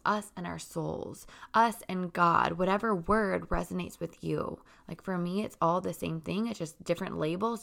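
Woman, low voice with vocal fry, earnest self-help speaker, chatty. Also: a bit bright. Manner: earnest, conversational, lots of "like" and "right?". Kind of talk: casual motivational talk.

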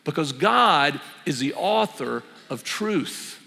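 Bright-voiced male pastor preaching. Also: a little high, expressive, gravelly. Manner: earnest, slows down on key phrases, repeats for emphasis. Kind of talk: sermon. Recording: reverberant church hall.

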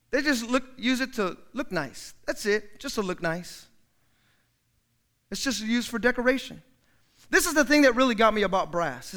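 Preaching in a remarkably high, bright and ringing voice, a male pastor gives a sermon. Whenever he quotes someone, he acts them out with loud, dramatic outbursts.

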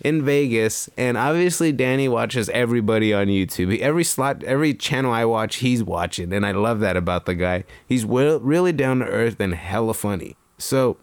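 A man hosting a podcast in casual chat, enthusiastic and full of shout-outs, on a close mic. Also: mid-range voice, expressive, normal speed, hardly any pauses, no room sound. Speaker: podcast host.

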